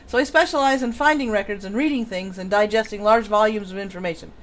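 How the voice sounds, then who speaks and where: A woman's voice: medium pitch, quick pace. Woman host reading out a transcript, snarky little asides, laughs a lot. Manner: laughs often, dry sarcastic asides. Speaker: podcast host. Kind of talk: casual chat, reading testimony aloud.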